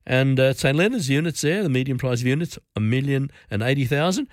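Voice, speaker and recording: An Australian man hosting a talk-radio show, holding forth with blunt opinions in a chatty, offhand way. He runs through lists of figures with little asides, his voice sitting at an ordinary pitch. The studio sound is dry and close. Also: lively intonation, a little fast, no room sound. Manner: conversational, reels off figures with asides. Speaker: radio host.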